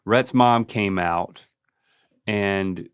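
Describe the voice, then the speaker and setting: Host, middle-aged man, North Carolina accent, lowish pitch, wry and quick, dry recording. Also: clean tone, dry recording. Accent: Southern US, North Carolina. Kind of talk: casual chat.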